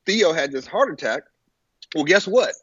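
A man telling a personal story in a halting way, with many fillers and restarts, on a muffled lo-fi recording. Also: fairly high pitch, lively intonation, fairly bright tone, husky, no room sound. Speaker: guest. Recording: muffled lo-fi audio.

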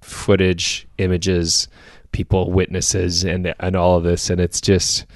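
Low-voiced rambling young man. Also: monotone, takes it slowly, no room sound, studio quality. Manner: rambling, laughs often, many restarts. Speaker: podcast co-host. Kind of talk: casual chat.

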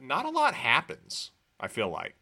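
Bright-voiced man in joking trailer chat. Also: a little slow. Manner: animated, joking, pitch jumps when excited. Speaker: podcast co-host. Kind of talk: casual trailer-review chat.

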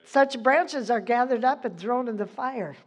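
A woman's voice: on the high side, a little slow. An older woman giving an informal Bible teaching, chatty, quoting scripture and laughing often.

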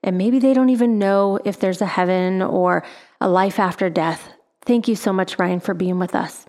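A woman's voice: medium pitch, normal speed, darkish tone. A woman hosting a radio talk show, supportive as she thanks the guest and gives closing announcements.

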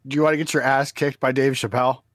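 A man on a prank call, shouting exaggerated threats and stumbling over his words. His voice sits at a middle pitch and is recorded dry and close. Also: little pitch movement, fast, no echo. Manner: mock-aggressive, stammering threats. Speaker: prank caller.

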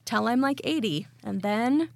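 Playful, lively woman podcast co-host. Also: on the high side, unhurried, vocal fry, no echo. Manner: playful, laughs often, teasing. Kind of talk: casual chat.

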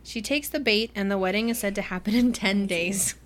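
A young woman hosting a book club podcast, retelling a novel's plot in a chatty, animated way and acting out the characters' lines. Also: medium pitch, a little fast. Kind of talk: casual chat recapping a book.

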